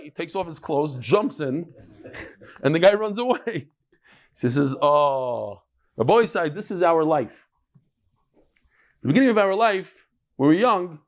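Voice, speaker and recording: A man teaching a Talmud class, telling stories with animated delivery and jumping between voices. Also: a little high, normal speed, long pauses. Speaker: Talmud lecturer. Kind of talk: lively storytelling lecture.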